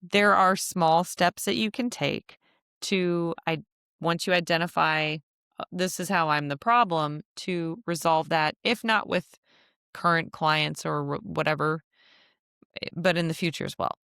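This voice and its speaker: A woman's voice: low-pitched, fairly even intonation, measured pace, fairly bright tone, smooth, no room sound, studio quality. A woman hosting a casual solo podcast, chatty and laughing often as she acts out little quotes. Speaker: podcast host.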